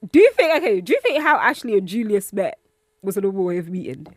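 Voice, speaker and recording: A woman's voice: mid-range voice, fast talker, no room sound, studio quality. A woman co-hosting a casual podcast chat, telling stories with lots of laughter. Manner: animated, laughing storyteller. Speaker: podcast co-host.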